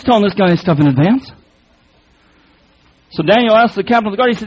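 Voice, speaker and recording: Husky high-voiced preacher. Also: male voice, lively intonation, dull audio. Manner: emphatic, folksy, repeats words, quick restarts. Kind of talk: sermon, Bible exposition.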